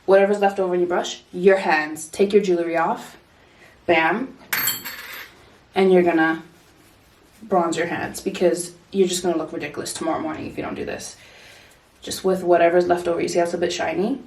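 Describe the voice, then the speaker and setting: A woman's voice: on the low side, fairly even intonation, brisk, long pauses, a little mellow, far from the mic. Woman in her thirties, chatty tutorial vlogger, mic set back in an echoey room. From Toronto, Canada. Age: 30s. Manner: chatty, direct, instructive. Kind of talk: casual makeup tutorial.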